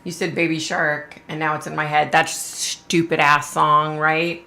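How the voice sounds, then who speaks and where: A woman's voice: sits low, level tone, measured pace, gravelly, sharp tone, reverberant. A middle-aged woman hosting a livestream, chatting casually and cursing now and then. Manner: chatty, swears freely, drawls "y'all". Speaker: host of a livestream.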